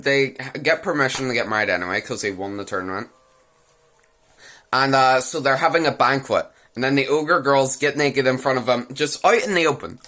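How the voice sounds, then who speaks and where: A man's voice: mid-range voice, sharp tone. A young man giving a crude, mocking, rambling recap of an anime episode, repeating phrases as he rants. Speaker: anime reviewer. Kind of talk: casual ranting recap.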